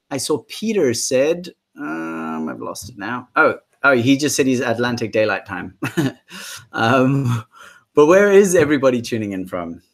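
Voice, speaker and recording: A man's voice: on the high side, a bit bright. A man hosting a casual musician's livestream, chatting in a rambling way and reading out viewer comments. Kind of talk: casual live-stream chat.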